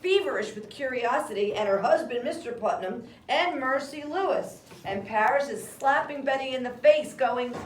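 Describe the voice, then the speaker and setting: A woman's voice: high-pitched, animated, normal speed, hardly any pauses, slight background noise. A woman teacher narrating a play to her class, telling it dramatically and breaking off with asides to her students. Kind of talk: animated narration and explanation in class. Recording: echoey room from far off.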